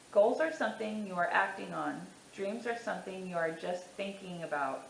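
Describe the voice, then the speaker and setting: A woman's voice: mid-range voice, creaky, roomy sound, a little hiss or hum, poor audio. A woman talking candidly to camera about her weight loss, emotional and teary, repeating herself for emphasis. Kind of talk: casual to-camera vlog.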